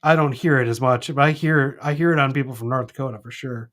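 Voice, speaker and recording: A man with a Minnesota accent chatting casually as co-host of a live stream, rambling and animated. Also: medium pitch, fast talker. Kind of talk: casual chat. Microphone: streaming mic.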